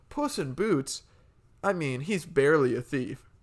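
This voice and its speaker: A young man co-hosting a casual podcast chat, animated and jokey, often swearing. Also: fairly high pitch, unhurried. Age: young adult. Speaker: podcast co-host. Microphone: podcast mic.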